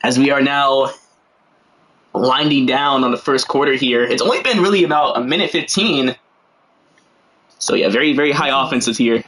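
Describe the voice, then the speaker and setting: A man's voice: medium pitch, normal speed, long pauses, a bit bright. A young man giving casual, joking play-by-play commentary on a livestreamed game, full of slangy asides and rambling.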